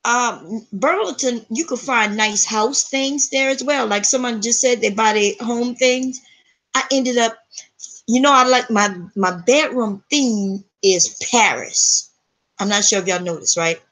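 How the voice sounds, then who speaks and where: A woman hosting a live stream, telling a story to her chat in an animated, profane way and laughing often. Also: on the high side, measured pace.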